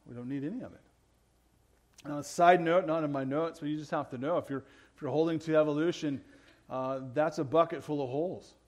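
A male pastor preaching a sermon, earnest, often checking in with the congregation and moving between loud emphatic lines and quiet low ones. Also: a little fast. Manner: earnest preaching, keeps asking the congregation "right?".

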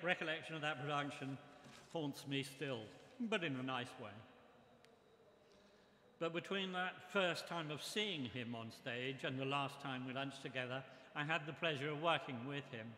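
An older man giving a memorial tribute speech, reminiscing in a measured way. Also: medium pitch, bright, forceful tone. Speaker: memorial speaker. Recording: echoey hall with long reverb.

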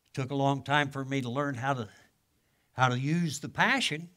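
An older man, a guest pastor, preaching a sermon in a folksy storytelling way, with casual grammar, swinging from loud exclamations to hushed asides. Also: mid-range voice, normal speed. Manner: colloquial grammar.

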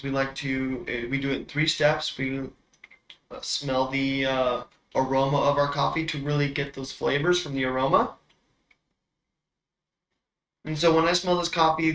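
Bright-voiced man explaining coffee in an echoey room. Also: medium pitch. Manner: explanatory, with frequent fillers. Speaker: coffee tasting host. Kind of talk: casual instructional demo.

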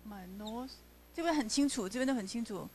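A woman's voice: fairly high pitch, brisk, darkish tone, a little hiss or hum. A woman professor giving a poetry lecture to a university class, reading lines aloud to show their stresses and checking in with her students. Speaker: literature professor. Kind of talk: classroom lecture mixing English and Mandarin.

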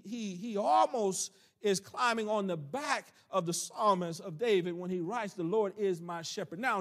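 A man leads a church Bible study in full preaching cadence, his voice sitting notably high for a man. He slows right down to lean on his key phrases and slips in homespun country asides. He comes across as a pastor teaching his congregation. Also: fairly bright tone. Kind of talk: sermon-style Bible teaching.

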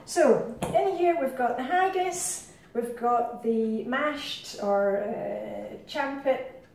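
A woman's voice: fairly high pitch, very slow, creaky, darkish tone, a little hiss or hum. A middle-aged woman with a Scottish accent, chatting her way through a home cooking demonstration with rambling asides. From Scotland. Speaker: cooking vlogger. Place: home kitchen. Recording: very echoey kitchen, distant mic.

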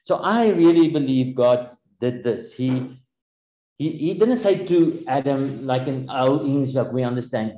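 A man preaching a sermon in an earnest, explanatory way, pausing often. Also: mid-range voice, warm tone, roomy sound, rough recording.

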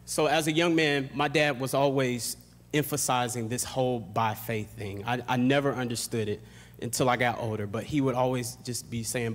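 A young pastor delivers a sermon in a church. His mid-range voice moves from hushed, slow prayer to building intensity, and the sanctuary gives it a long, ringing reverb. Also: medium pitch. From Florida. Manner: reads scripture, then prays slowly and hushed, then preaches with rising intensity.

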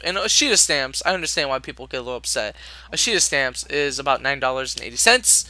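Profane ranting young man, bright voice. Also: mid-range voice, expressive, fast. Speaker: retail customer service clerk. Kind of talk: ranting storytime vlog.

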